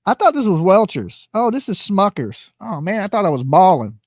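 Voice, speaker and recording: Guy rambling and cracking jokes on his stream, high voice, dry close mic. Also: sing-song, normal speed, dry recording. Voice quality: joking, rambling, laughs often. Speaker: livestream host commenting on a trial. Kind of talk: casual livestream chat.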